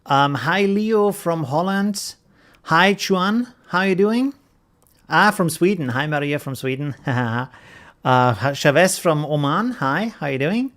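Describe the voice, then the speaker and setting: A man's voice: a little high, lively intonation, slow pace, a bit bright. A man with a German accent hosting a casual live stream, greeting viewers by name and chuckling often.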